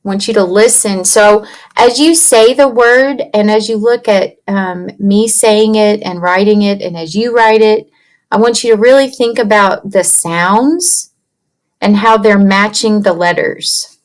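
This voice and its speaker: A woman teaching young children a writing lesson from her computer, slowly and patiently sounding out letters and words. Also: medium pitch. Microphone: computer mic.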